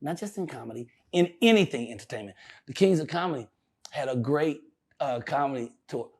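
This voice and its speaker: Older male comedian as interview guest: gravelly, a bit high-pitched, animated, profane, laughs a lot. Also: brisk. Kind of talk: casual interview storytelling.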